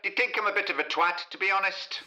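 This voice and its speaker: A man's voice: high-pitched, fast talker, sharp tone, pitched above the performer's own voice, low-quality recording. A man putting on a cheeky, sweary fake Irish accent as a pop star in a comedy sketch. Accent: put-on Irish.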